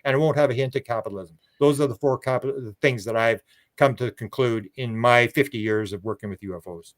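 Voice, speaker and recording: A man's voice: mid-range voice, a little fast. An older man, a guest in a casual interview, telling long rambling stories and acting out quoted dialogue, with frequent restarts and fillers.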